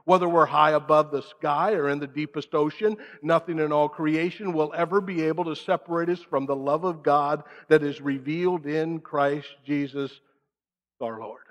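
A middle-aged man preaching a sermon, shifting between raised, acted-out prayers and a quiet hush. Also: a little high, fairly even intonation, moderate pace. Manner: dramatic, acts out prayers and quotes in raised voices, drops to soft hush. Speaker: pastor. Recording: long hall reverb.

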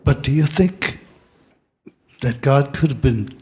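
A man's voice: medium pitch, animated, slow pace, darkish tone. A man in the congregation, tentatively offering an idea to the pastor. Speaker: congregation member. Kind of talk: comment from the audience.

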